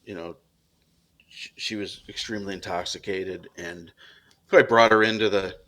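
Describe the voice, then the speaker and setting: A man's voice: sits low, fairly even intonation, normal speed, bright, forceful tone. A man on a podcast as a police officer guest, talking earnestly and reflectively with many restarts. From United States. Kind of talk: casual interview talk.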